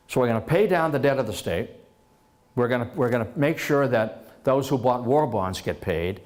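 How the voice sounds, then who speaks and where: A middle-aged man giving a lively history lecture, telling it as a story and stopping to repeat himself and restart. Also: medium pitch, moderate pace. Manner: lively storytelling, acts out historical figures in dialogue; restarts and repeats words often.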